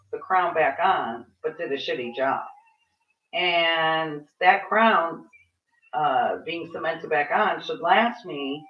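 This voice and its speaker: A woman ranting casually and frankly to camera, swearing freely as she vents. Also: fairly low pitch. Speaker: vlogger. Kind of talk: casual rant. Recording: roomy, distant, dull sound.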